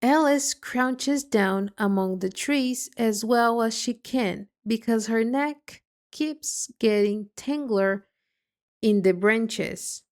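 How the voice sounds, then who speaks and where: A woman reading a storybook aloud for English learners in a clear, deliberate way. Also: a little high, a little mellow. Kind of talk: slow read-aloud storybook narration.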